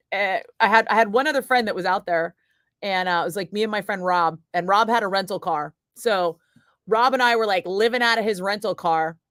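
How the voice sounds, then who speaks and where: A woman's voice: lowish voice, no room sound, clean studio sound. A woman radio DJ telling a rambling story in casual on-air chat, full of filler words. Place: radio studio.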